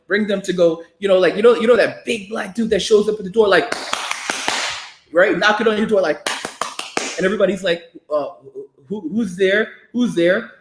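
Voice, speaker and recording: A man hosting a casual livestream, reading chat messages aloud and teasing viewers in a joking, animated way. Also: high-pitched, roomy sound.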